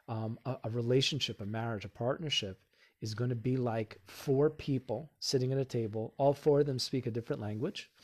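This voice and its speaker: A man's voice: medium pitch, darkish tone. A man acting as a relationship coach gives casual self-help advice. He talks conversationally, with many fillers such as "you know.". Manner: acts out inner voices in quotes.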